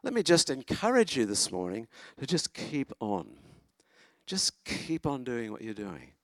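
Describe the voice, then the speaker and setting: A man's voice: medium pitch, huge pitch swings, measured pace, no room sound, clean studio sound. Older man preaching encouragement. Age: 70s. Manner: earnest, encouraging, with hesitations and restarts. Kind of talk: sermon. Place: church, at a lectern.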